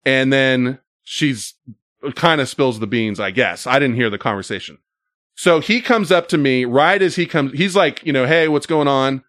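A man's voice: mid-range voice, animated, normal speed, a bit bright, no echo, studio quality. A man telling a story casually, with lots of fillers and swearing.

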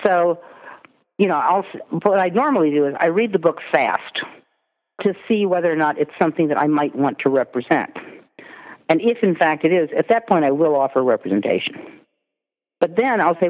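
A woman's voice: low-pitched, expressive, moderate pace. A woman, a literary agent, talking through her work in a chatty interview, full of "you know" and "I mean". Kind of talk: casual interview talk. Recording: tinny phone line with long reverb.

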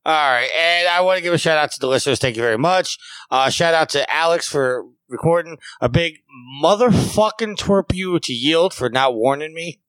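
A man's voice: on the high side, moderate pace, a bit bright, no room sound, poor audio. A man co-hosting a podcast, blunt and joking, swearing casually. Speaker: podcast co-host.

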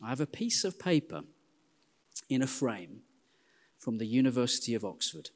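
An English man in his forties preaching a sermon in a church, telling self-deprecating stories in a lively way. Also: mid-range voice, normal speed. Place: church hall. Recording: long hall reverb.

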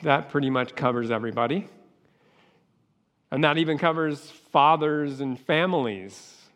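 A man's voice: a little high, measured pace, fairly bright tone. A man preaching a sermon with passion, acting out voices as he goes. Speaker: pastor. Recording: long hall reverb.

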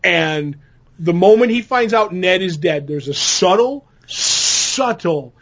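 A man's voice: sits high, animated, slow, a bit bright, muffled recording. A man co-hosting a podcast, enthusiastically retelling movie scenes in casual chat. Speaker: podcast co-host.

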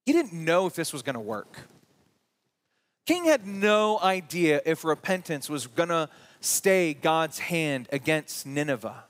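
Slow-preaching man, pastor. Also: a little high, sing-song, a bit bright. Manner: preaching with rising emphatic peaks and slow drawn-out words; reads scripture and quotes aloud. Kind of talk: sermon.

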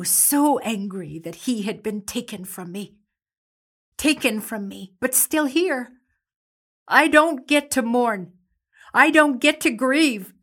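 A grieving mother of a wounded soldier, played by a woman, delivered as a dramatic monologue. She speaks slowly and haltingly, each phrase weighed down with emotion. Her voice sits at an ordinary middle pitch. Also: slightly rough, full character voice. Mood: anguished. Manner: slow, halting, heavy with emotion.

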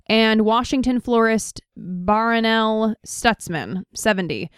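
A woman co-hosting a podcast who reads news items and comments on them earnestly. Her voice is smooth and clear, recorded dry and close to the mic. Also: mid-range voice, dry recording. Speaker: podcast co-host. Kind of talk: casual political chat.

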